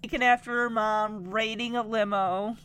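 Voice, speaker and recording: A woman's voice: a little high, steady tone, normal speed, fairly bright tone, clean tone. A woman giving a chatty, giggly recap of a TV episode, quoting the characters as she goes. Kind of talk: casual recap commentary.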